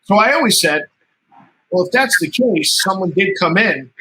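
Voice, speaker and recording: Man, high bright voice, animated storyteller, faint background hiss. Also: normal speed, low-quality recording. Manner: animated storyteller, laughs often, acts out quoted dialogue. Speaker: interview guest, martial artist. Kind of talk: casual storytelling interview.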